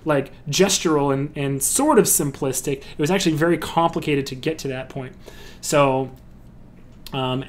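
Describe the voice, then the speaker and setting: A man giving a casual lecture on crowdfunding his film, chatty and full of fillers and restarts, breaking into a story. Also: fairly high pitch. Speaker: filmmaker teaching about crowdfunding.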